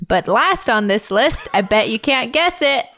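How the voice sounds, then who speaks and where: A woman's voice: on the high side, lively intonation, a little slow, a bit bright. A woman co-hosting a casual podcast, reading out a list and laughing often. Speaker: podcast co-host.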